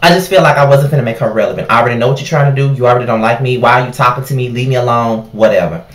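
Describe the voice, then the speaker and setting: Profane, animated storytelling man. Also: medium pitch, rapid-fire, echoey room. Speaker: vlogger telling a work story. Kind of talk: storytime vlog.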